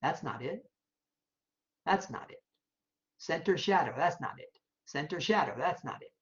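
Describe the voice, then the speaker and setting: A professor talking through a software demo on a screen recording, casually thinking aloud while checking each option and repeating phrases. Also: mid-range voice, expressive, measured pace. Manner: casual, chatty explaining with verbal tics. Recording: dull lo-fi recording.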